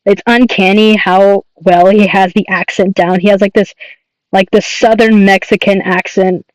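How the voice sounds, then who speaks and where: A man's voice: high voice, level tone, normal speed, no room sound, low-quality recording. A man chatting on his livestream, rambling enthusiastically with lots of fillers and restarts. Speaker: streamer and artist. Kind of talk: casual livestream chat.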